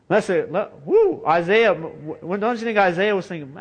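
A man's voice: high voice, expressive, normal speed, a bit bright. A man preaching a sermon in an earnest, conversational way, often saying "you know" as he goes. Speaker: pastor.

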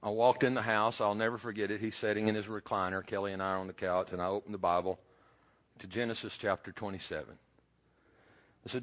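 Man, preacher, low voice, folksy sermon, loud then hushed. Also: a little fast. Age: 50s or older. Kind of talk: sermon storytelling.

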